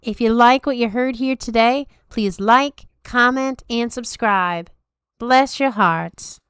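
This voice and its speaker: A woman voicing an overly sweet Southern woman reading a podcast outro plug in a slow, drawn-out way. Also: on the high side, fairly bright tone, smooth, no echo, studio quality, voice pushed up. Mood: syrupy. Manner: slow, drawn-out sugary delivery.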